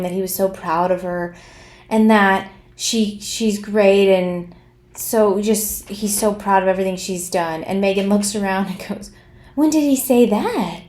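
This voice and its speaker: A woman's voice: mid-range voice, darkish tone, a little hiss or hum. A woman giving casual commentary in a sarcastic, scornful, exasperated tone. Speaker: commentary vlogger.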